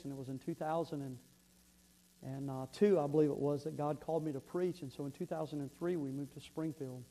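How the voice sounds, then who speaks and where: A man's voice: on the high side, warm tone, low-quality recording. A man pastor preaching a sermon, earnest and storytelling, often repeating words as he goes.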